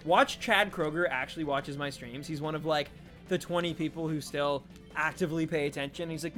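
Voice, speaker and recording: High-voiced man chatting on stream. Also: brisk, a bit bright, faint music behind. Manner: rambling, jokey, answers chat. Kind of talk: casual livestream chat.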